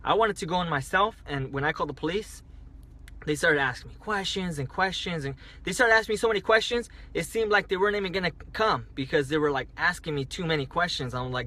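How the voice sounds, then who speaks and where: A man's voice: fairly high pitch, fast talker, pushed and bright. A man telling a story on a casual phone livestream, rambling, restarting and repeating himself as he talks. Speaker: livestreaming driver. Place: parked car at night.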